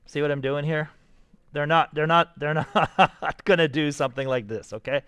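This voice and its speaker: An energetic man teaching a drawing class, showing his students the steps and cheering them on as he works. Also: a little high, normal speed, smooth, dry recording, studio quality. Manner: energetic, enthusiastic, talks straight to students. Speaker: art teacher.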